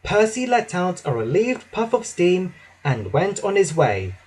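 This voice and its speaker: A man narrating a children's storybook with an expressive, dramatic reading. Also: sits high, a little slow, slightly rough.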